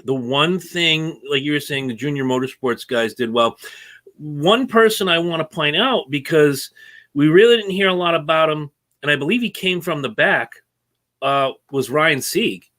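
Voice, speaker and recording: A man talks racing on a casual podcast with a bright, forceful voice. He is opinionated and animated, ranting freely about the sport's rules. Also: a little high, normal speed. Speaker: co-host.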